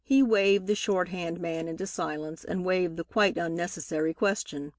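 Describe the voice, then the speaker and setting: Woman reading a novel aloud, low voice. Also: normal speed, no room sound, clean studio sound. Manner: reads dialogue with lifted pitch for characters. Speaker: audiobook reader. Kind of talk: scripted narration of a novel.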